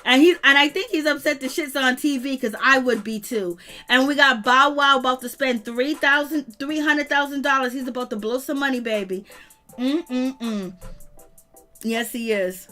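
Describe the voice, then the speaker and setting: A woman hosts her own channel with a high, bright voice that cuts through. She talks in loose slang and laughs often as she dishes on reality TV. Soft music plays faintly behind her. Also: normal speed. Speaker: channel host. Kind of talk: reality TV gossip commentary.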